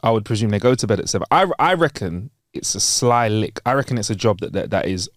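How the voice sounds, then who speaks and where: Fast, lively man chatting. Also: on the low side, no echo, clean studio sound. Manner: animated, jokey, slangy. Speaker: podcast co-host. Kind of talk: casual chat. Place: studio.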